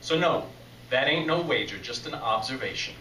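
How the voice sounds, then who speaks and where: A man's voice: medium pitch, expressive, moderate pace, pushed and bright, roomy sound, recorded from a distance, a little hiss or hum, voice pushed down, rough recording. A man voicing a sly, scheming male devil with a folksy drawl, in a told story.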